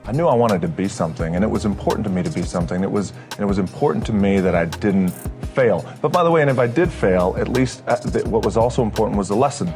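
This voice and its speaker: A middle-aged man with a fairly low voice answers interview questions. He is an actor and an animated storyteller. Faint music plays underneath. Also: fast talker. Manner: animated storyteller, acts out dialogue.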